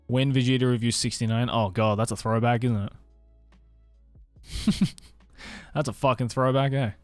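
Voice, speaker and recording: A man's voice: medium pitch, fairly even intonation, normal speed, long pauses, clean tone, dry recording, soft background music. A young man with an Australian accent blended with other influences, chatting casually with viewers on a live stream, swearing freely and laughing often. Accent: Australian with international mix.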